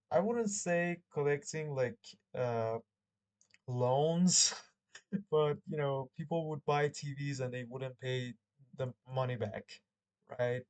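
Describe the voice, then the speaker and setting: Sex: man. Role: channel host. Style: casual chat and reading a book aloud. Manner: rambling, self-correcting, quick to laugh. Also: mid-range voice, darkish tone, clear, resonant tone, low-quality recording.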